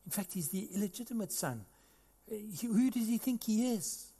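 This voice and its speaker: A man's voice: high voice, expressive, moderate pace, mellow, breathy edge, voice pushed up, heavily acted. A man voicing a scornful, grumbling crowd of skeptical men. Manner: scornful, muttering.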